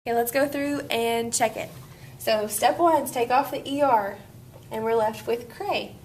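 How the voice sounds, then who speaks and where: A woman's voice: fairly high pitch, a little slow, darkish tone, slight background noise. A woman teaching a Spanish grammar lesson, walking students through each step in an upbeat way.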